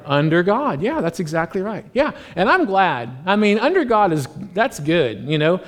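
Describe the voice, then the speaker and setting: Joking rambling pastor guy in his 40s, kinda high voice, lots of ums, big echoey church hall. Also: sing-song, moderate pace. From United States. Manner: joking, rambling with many fillers. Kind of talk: casual sermon. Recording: long hall reverb.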